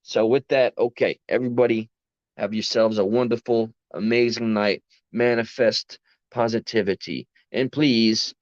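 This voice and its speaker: A man with a New York accent talks to his live chat late at night, tired after a long workday. He rambles earnestly and keeps cutting himself off. His low voice comes through a dry, dull, lo-fi recording. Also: darkish tone, no room sound. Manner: rambling, self-interrupting, earnest. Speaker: livestream host.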